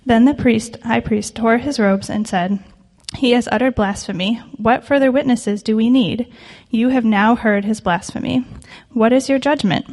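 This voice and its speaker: A woman reading scripture aloud in a church service, clear and even. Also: fairly high pitch, moderate pace. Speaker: scripture reader.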